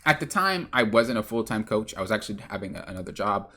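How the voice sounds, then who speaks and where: A man's voice: lowish voice, sing-song, fast, pushed and bright. A man hosting his own podcast and telling a casual story about his work as a game coach. He rambles, stumbles over words and corrects himself often.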